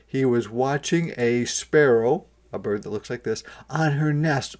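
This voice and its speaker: A man, a kindergarten teacher, reading a picture book aloud to young children and pausing to explain words. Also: mid-range voice, a little mellow.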